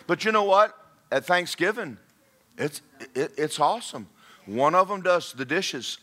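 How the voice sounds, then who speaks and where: A man preaching a humorous sermon, shouting his punchlines. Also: on the high side, expressive, measured pace. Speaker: pastor. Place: church sanctuary.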